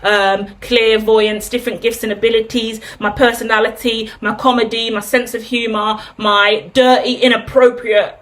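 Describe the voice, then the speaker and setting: A woman's voice: fairly high pitch, little pitch movement, normal speed, hardly any pauses, a bit bright. A woman in her thirties giving a candid, chatty tarot reading, asking herself rhetorical questions and swearing freely. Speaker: tarot reader. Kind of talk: casual tarot reading monologue.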